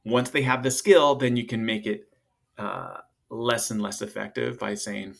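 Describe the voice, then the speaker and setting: A man in his thirties talks through parenting tips in a loose, chatty way, with plenty of fillers. His pitch sits in the middle for a man. Now and then he lifts his voice to play out what a parent or child might say. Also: fairly even intonation, measured pace, gravelly. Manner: loose and chatty, acts out parent and kid lines in a higher voice. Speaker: parenting coach. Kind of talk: casual advice talk to camera.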